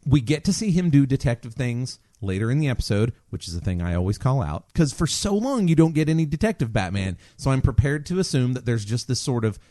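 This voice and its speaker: A man co-hosting a casual podcast discussion, talking in an animated and opinionated way with jokes mixed in. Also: mid-range voice, fairly quick, few pauses, no room sound, clean studio sound. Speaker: podcast co-host.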